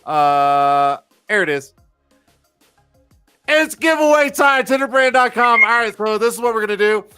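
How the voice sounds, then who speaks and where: A man's voice: very high voice, expressive, a little slow, pushed and bright, clean tone, faint music behind. A man in his forties hosting a live stream, rambling and swearing freely in casual chat. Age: 40s. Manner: profane, rambling, self-mocking. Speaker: host.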